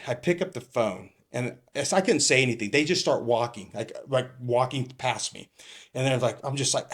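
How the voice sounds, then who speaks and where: A middle-aged retired police captain from California speaks at normal speed in a mid-range voice. In a casual interview, he tells rambling stories, swears, and acts out what people said.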